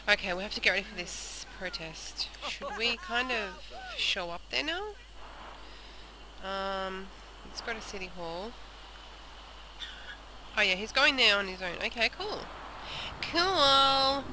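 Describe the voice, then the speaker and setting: Chatty woman, noisy mic. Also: medium pitch. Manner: chatty, reacts aloud to the game, talks to the characters. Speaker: let's play host. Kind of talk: casual gameplay commentary. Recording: noisy home recording.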